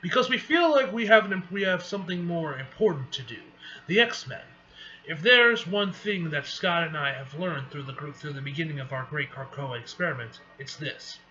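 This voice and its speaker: An earnest young heroine explains her choice, read aloud by a man. The voice is bright and sits a bit high. The recording is dull, with faint hiss. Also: lively intonation. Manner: earnest, halting reading.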